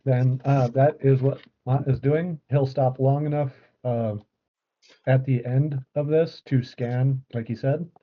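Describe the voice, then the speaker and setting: A woman with a very deep, fairly even voice speaks slowly while playing a casual online tabletop game. She describes her moves hesitantly, packing in lots of "uh" and "like," and the audio is lo-fi online call sound.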